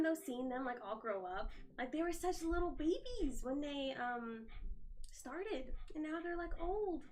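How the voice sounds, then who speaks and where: A woman's voice: high-pitched, animated, unhurried, a little hiss or hum. A young woman in casual livestream chat from her phone at home, answering viewer comments while tidying up. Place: home, indoors.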